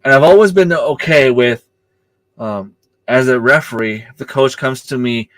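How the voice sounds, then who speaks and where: A man's voice: normal speed, a bit bright, no echo. A man who coaches youth soccer, chatting casually on a livestream, telling stories with lots of fillers and acting out the exchanges. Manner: storytelling, acting out quoted exchanges with rising pitch; hesitant, many fillers and restarts.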